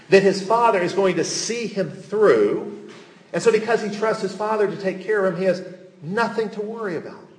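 A pastor delivers a sermon with earnest conviction, asking rhetorical questions and rising on the pleading passages. His voice sits a little high for a man. The sound rings with the echo of a large room.

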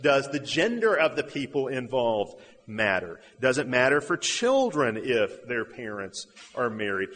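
A man's voice: medium pitch, fairly bright tone, long reverb tail. A man from the southern United States preaching a sermon, earnest, with rhetorical questions and repeated phrases.

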